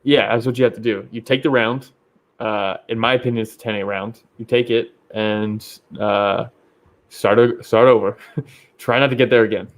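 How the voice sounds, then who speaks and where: A man's voice: fairly low pitch, fairly even intonation, moderate pace. Male podcast co-host, casual fight talk, swears and laughs freely. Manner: loose, profane, laughs often.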